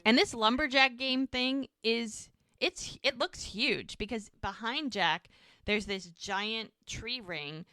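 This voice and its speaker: Female podcast co-host, chatty recapper, bright clear voice, dry close mic. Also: on the high side, no room sound. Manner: animated, quotes characters in quick bits, chatty asides. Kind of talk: casual chat, retelling scenes.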